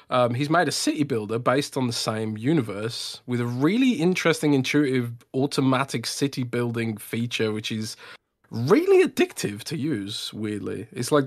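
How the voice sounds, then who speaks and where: Relaxed man co-hosting a podcast. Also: medium pitch. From England. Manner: relaxed, rambling with fillers. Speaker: podcast co-host. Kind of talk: casual chat.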